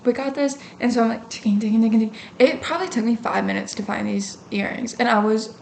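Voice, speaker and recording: A woman's voice: a little high, quick pace, vocal fry. A young woman vlogging to camera, telling a story in a casual, chatty way with lots of fillers and acted-out reactions. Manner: chatty and animated, lots of fillers, acts out her own reactions. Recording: faint background noise.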